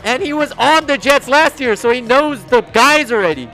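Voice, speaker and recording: Brief: bright, high-pitched man reading betting lines on a podcast, faint music behind. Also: lively intonation, moderate pace. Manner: teasing, reads out betting lines. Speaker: podcast co-host. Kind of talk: casual sports chat.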